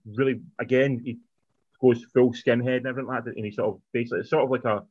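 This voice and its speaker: A man co-hosting a podcast, giving quick, opinionated film takes and steering the talk to the next title. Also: medium pitch, level tone, breathy edge, no echo. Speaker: podcast co-host. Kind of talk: casual film review chat. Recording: tinny phone-like line, dry.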